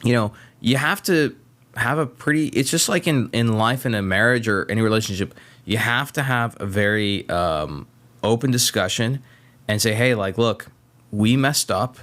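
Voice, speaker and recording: A man's voice: medium pitch, moderate pace. A man being interviewed on a podcast, telling stories animatedly and often restarting his sentences. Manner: animated storyteller, repeats words when starting sentences. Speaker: podcast guest, medtech sales advisor. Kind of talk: casual chat.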